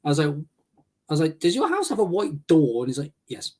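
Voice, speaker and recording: A man's voice: a little high, huge pitch swings, normal speed, dark tone. A man hosting a podcast, chatting casually, laughing often and reading out comments from the chat. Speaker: podcast host.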